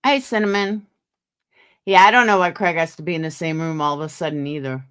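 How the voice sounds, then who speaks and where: Tired woman livestream host, lower voice, gossipy, chats with her chat. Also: brisk, fairly bright tone, smooth. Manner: chatty, gossipy, reads out viewer names. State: tired, yawning. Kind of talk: casual chat with live viewers.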